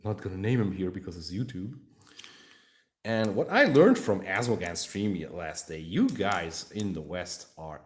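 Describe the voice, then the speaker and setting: A man's voice: sits low, expressive, measured pace. A man from Hungary with a Hungarian accent, hosting a casual livestream chat and talking in an outspoken, rambling way. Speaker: livestream host.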